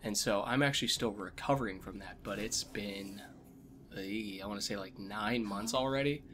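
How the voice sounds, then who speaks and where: A man with damaged vocal cords talking quietly and low as he commentates a game he is playing, coughing often. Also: normal speed, slight background noise. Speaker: let's play host. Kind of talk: gameplay commentary. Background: game sounds and music.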